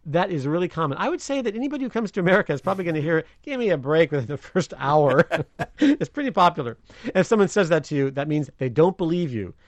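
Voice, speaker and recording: A man explains everyday expressions to radio listeners with an animated, swooping voice that rises and falls a lot. He talks in an explanatory, friendly way and chuckles now and then, and the sound is dry and close. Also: on the high side, fast talker, no echo. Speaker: slang expert guest. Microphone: remote line from another city.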